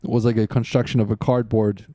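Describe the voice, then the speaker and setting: A man's voice: lowish voice, level tone, brisk, dark tone, no room sound, clean studio sound. A man hosting a comedy podcast, telling crude rambling stories in casual chat. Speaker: podcast host.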